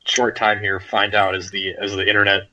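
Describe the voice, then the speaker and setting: A man, a guest game reviewer, chatting casually on a podcast in a relaxed, rambling way with many filler words. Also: on the low side, a little fast. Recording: dull lo-fi audio.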